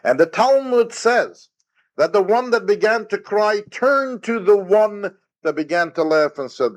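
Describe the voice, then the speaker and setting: Rabbi man giving a lecture, high voice, lively swooping pitch, emphatic rhetorical questions. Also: unhurried. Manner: retells Talmud story with quoted sage dialogue. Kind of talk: recorded Torah lecture.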